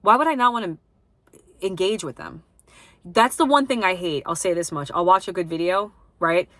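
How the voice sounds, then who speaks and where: A woman's voice: fairly low pitch, moderate pace, a bit bright, no room sound. Rambling young woman. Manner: rambling, lots of "like" and restarts; blunt, self-deprecating. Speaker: vlogger. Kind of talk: casual vlog monologue.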